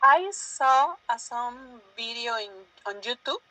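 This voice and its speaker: A woman student talks in halting English full of pauses and fillers. Her voice is higher and bright, and she speaks very slowly. The sound is distant, as if coming through a call. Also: lively intonation, no echo.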